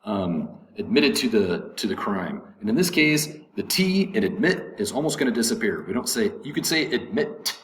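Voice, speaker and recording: A male English teacher reading a vocabulary list, repeating each word slowly and giving its syllables, stress and meaning. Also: fairly low pitch, very animated. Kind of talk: vocabulary lesson recording. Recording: echoey room, faint background noise.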